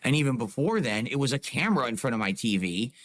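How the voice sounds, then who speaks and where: Very animated and fast, a man streams from home and chats with his live audience, explaining with lots of "like" and "you know." His mid-range voice has a fairly bright tone and sits close on a boom-arm desk microphone.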